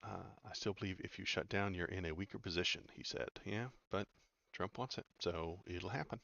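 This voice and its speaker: A man's voice: sits low, brisk, gravelly, pushed and bright, no echo, muffled recording. A man giving casual, sarcastic political commentary as he reads news aloud, rambling with many fillers.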